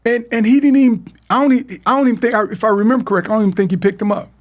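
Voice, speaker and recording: A man's voice: high-pitched, very fast. A middle-aged man hosting a podcast, speaking earnestly about his life in a heartfelt personal talk, often repeating words and starting over. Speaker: podcast host.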